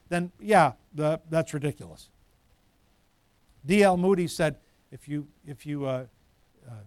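Pastor guy preaching hard, pretty high voice, dry close sound, gets loud then drops to asides. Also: dry recording. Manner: forceful preaching, rising to near-shouting and dropping to asides. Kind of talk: sermon.

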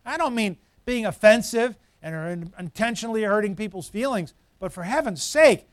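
A man preaching a sermon in a high, forceful voice, climbing toward shouting on his main points and falling back to muttered asides. The pastor's voice is close and dry, with no room around it. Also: animated, normal speed, hardly any pauses, dry recording.

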